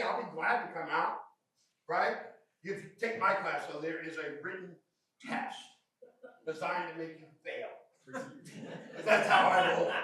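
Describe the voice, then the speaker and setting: A man with a Southern American accent running a lively training session, joking and quizzing his audience. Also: high-pitched. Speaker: refrigeration trainer. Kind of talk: lively live training talk. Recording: echoey room, mic at a distance.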